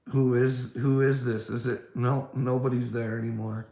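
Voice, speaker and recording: In an echoey room, a man delivers a casual, rambling monologue, swearing often, stumbling over words, restarting sentences, and laughing between remarks. His mid-range voice is level and dark, with vocal fry, and he speaks a little slowly.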